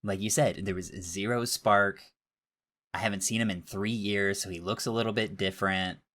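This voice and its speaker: A man in his thirties co-hosts a podcast in candid, casual talk. He pokes fun at himself as he goes. His voice sits very low. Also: steady tone, normal speed, fairly bright tone. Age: 30s. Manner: candid, self-deprecating. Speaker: podcast co-host. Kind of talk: casual chat.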